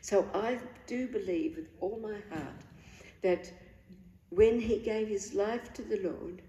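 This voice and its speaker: An older woman telling a personal faith story in an earnest, halting way, with pauses and restarts. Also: medium pitch, warm tone. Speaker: guest sharing a faith testimony. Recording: echoey room.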